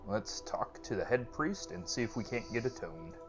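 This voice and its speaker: Brief: let's-play host, lowish man, dull lo-fi mic with game music. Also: lively intonation, moderate pace. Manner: chatty, joking asides. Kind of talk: casual game commentary.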